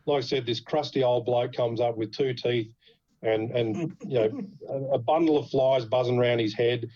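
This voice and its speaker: Animated Australian man telling a story. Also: medium pitch, moderate pace, muffled recording. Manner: animated, swears freely. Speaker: podcast guest. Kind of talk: casual storytelling.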